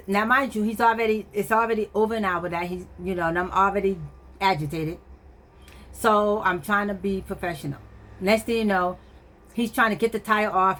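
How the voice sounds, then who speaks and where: A woman casually retelling a frustrating story, animated and exasperated, full of slangy asides and quoted back-and-forth. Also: medium pitch, moderate pace. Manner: conversational, slangy, frequent fillers like "or whatever".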